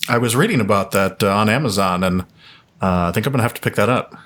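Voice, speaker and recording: A man hosting a podcast, relaxed and friendly, and he laughs easily. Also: lowish voice, quick pace. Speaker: podcast host. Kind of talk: casual chat.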